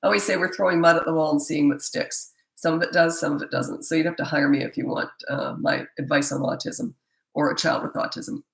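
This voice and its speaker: A woman's voice: low-pitched, fairly even intonation, a little fast, vocal fry. A middle-aged woman, a parenting coach, answering viewer questions in a blunt, emphatic and opinionated way. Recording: echoey room.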